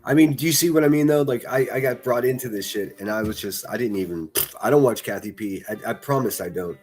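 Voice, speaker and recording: A man's voice: medium pitch, fast talker, a little mellow, soft background music. A man hosting a livestream, reacting to clips with mocking, profane, sarcastic commentary.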